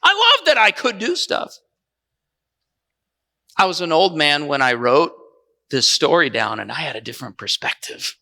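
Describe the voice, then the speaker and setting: A male pastor delivering a dramatized first-person sermon, telling the story dramatically and swinging between lively and hushed passages. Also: on the high side, normal speed, long pauses. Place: church sanctuary. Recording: echoey church hall.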